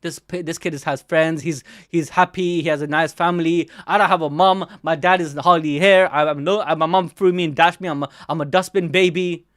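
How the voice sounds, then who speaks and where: A man's voice: on the high side, steady tone, brisk, few pauses, fairly bright tone, close to an everyday voice. A man voicing the inner thoughts of a lonely, bullied young man, bitter and self-pitying, as he complains to himself.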